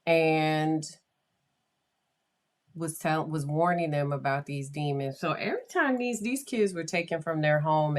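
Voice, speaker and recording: A woman with a notably low voice talks through a spooky true story in a loose, casual podcast way. She hesitates and restarts her sentences, and sometimes drops into a whisper. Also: fairly bright tone. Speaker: podcast host.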